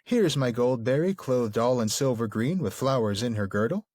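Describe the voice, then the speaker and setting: A man's voice: medium pitch, lively intonation, normal speed, a little mellow, no room sound, close to an everyday voice. A man voicing a merry old male nature spirit, reading the lines aloud in a rhythmic, sing-song way. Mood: hospitable. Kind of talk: reading a novel aloud on a podcast.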